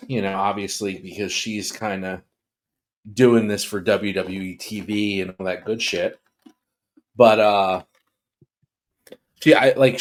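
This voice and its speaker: A man co-hosting a podcast, talking casually and a bit hesitantly. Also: fairly low pitch. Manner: laid-back, hesitant with fillers. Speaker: podcast co-host. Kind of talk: casual chat.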